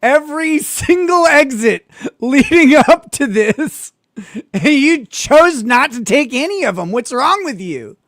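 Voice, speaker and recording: A man's voice: extremely high pitch, big pitch swings, slow, fairly bright tone, dry recording, clean studio sound. A man hosting live legal commentary, mocking the footage he reacts to and laughing often.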